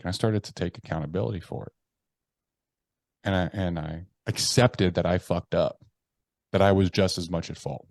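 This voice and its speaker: A low-pitched man tells candid personal stories with plenty of swearing, jumping into the voices in his head. He turns hushed and subdued when the talk gets confessional. The sound is dry and close. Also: a little fast, no room sound. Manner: animated, profane, acts out his inner voices. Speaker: podcast guest. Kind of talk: candid storytelling in conversation.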